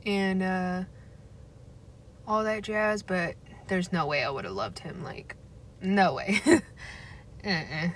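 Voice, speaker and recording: Slow-talking blunt, profane woman. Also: lowish voice, slight background noise. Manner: blunt and profane, laughs often. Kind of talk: candid casual rant.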